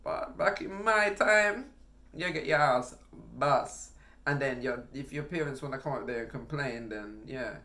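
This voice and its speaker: Animated man telling stories. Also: medium pitch, measured pace. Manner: animated, laughs often, acts out voices. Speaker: vlogger. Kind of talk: casual storytelling.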